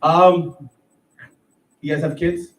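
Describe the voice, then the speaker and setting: A man in his thirties doing a profane, animated stand-up set on a comedy club stage. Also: a little high, slow. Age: 30s. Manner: profane, animated, acts out voices. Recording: echoey room, heard from a distance. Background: audience laughter and room noise.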